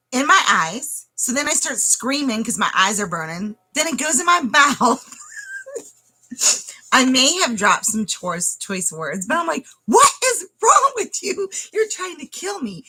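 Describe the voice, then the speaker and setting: A woman's voice: on the high side, bright, forceful tone, slightly rough, rough recording. A woman homestead vlogger telling a dramatic story casually to the camera, speaking directly to her viewers.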